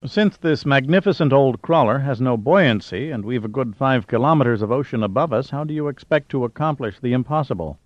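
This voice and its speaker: A man's voice: mid-range voice, expressive, brisk, hardly any pauses, no echo, close to an everyday voice. A man voicing a cheerful, genteel older man with a plummy manner, in a storybook reading. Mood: genial. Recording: dull dry lo-fi audio.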